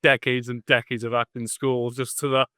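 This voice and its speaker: A man chats as a guest on a podcast, dropping short, deadpan teasing remarks. His voice sits at a middle pitch and is recorded dry and close. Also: moderate pace, dry recording. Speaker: podcast guest, pro wrestler. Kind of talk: casual chat.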